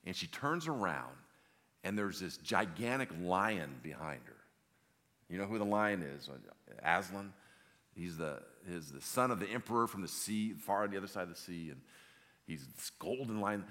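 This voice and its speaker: A man preaches, telling a story in an animated way and often repeating words as he goes. His voice is low yet bright and forceful. A long hall reverb hangs behind him. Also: moderate pace. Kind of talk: sermon storytelling.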